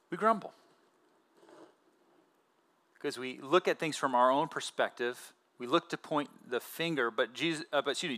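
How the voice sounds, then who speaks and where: Bright, animated man preaching a sermon. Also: fairly high pitch. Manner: conversational, animated preaching with casual fillers. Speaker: pastor.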